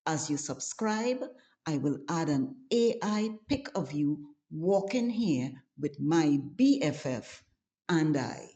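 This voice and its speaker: Brief: Trinidadian woman, dialect teacher, low and mellow, unhurried delivery. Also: big pitch swings. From Trinidad and Tobago. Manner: slow, deliberate and instructive. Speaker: channel host teaching dialect. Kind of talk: scripted lesson narration.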